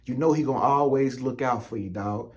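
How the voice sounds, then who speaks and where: A man's voice: mid-range voice, a little fast, darkish tone. Man, spiritual motivational talk, slangy preachy delivery, direct to viewer. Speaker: spiritual content creator.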